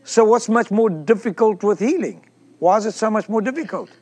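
High-pitched male pastor, emphatic sermon delivery, repeats lines and questions the crowd. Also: animated, fairly quick, a little mellow. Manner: emphatic, repeats phrases and asks the congregation questions.

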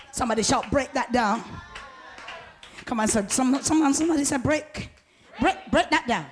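A woman preaching a sermon with fervor, calling out to the congregation and rising to shouts. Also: sits high. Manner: fervent, rising to shouts, laughs often; call-and-response with the congregation.

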